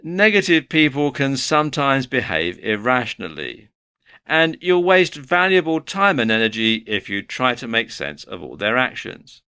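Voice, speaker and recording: A man's voice: mid-range voice, sharp tone, clear, resonant tone, no echo, clean studio sound. A man giving a motivational lecture, earnest and advice-giving, working through his points one by one. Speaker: online course instructor.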